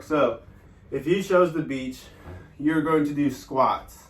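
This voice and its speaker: A man teaching a guided workout lesson, explaining each step with many ums and pauses. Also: a little high, recorded from a distance. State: out of breath during exercise. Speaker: fitness instructor. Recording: echoey room, voice off-mic.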